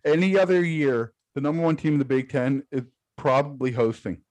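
A man's voice: fairly high pitch, fairly even intonation, a little fast, a little mellow, no room sound. A man co-hosting a casual sports podcast, blunt and given to swearing and repeating words. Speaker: podcast co-host.

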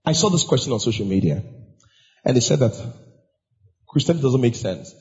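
A man preaching a sermon as pastor, emphatic and now and then shouting or singing out lines. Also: medium pitch, expressive, brisk. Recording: dull sound with long hall reverb.

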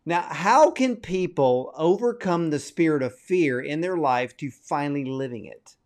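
A man's voice: a little high, lively intonation, unhurried, darkish tone. A man hosting a motivational podcast interview, addressing his audience emphatically in a preacher-like way. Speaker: podcast host.

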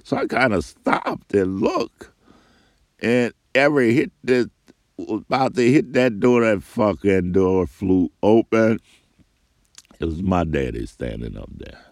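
Older guy, real low gravelly voice, rambling cussing storytelling, dry close sound. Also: sing-song, unhurried, no room sound. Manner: rambling, profane, laughs between phrases. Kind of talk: casual spoken memoir.

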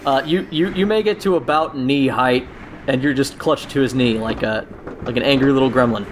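A man's voice: mid-range voice, moderate pace, slight background noise. Wry male game master. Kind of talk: running a tabletop game.

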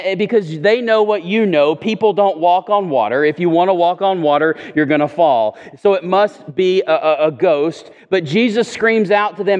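A man preaching a sermon in a conversational way, often repeating words as he goes. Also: fairly high pitch. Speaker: pastor. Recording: echoey hall reverb.

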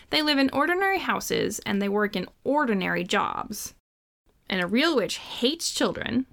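Gravelly woman cohost chatting casually, summarizing a book, ums everywhere. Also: mid-range voice, fairly bright tone. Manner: summarizes a book with many fillers. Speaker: podcast co-host. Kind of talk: casual chat.

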